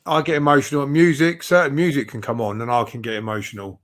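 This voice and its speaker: A male interviewer with a mid-range voice keeps up a casual chat. He reassures and encourages his guest, speaking gently and supportively. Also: medium pitch, flat delivery, quick pace.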